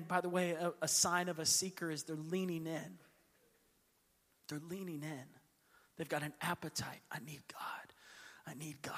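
A man preaching a sermon as a pastor, passionate and building to emphatic peaks, then dropping to a hush. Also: on the high side. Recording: long reverb of a large hall.

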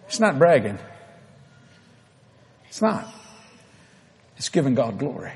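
Animated Cajun preacher. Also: male voice, mid-range voice, slow pace. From Louisiana. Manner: animated, folksy, swings loud to soft. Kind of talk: storytelling sermon.

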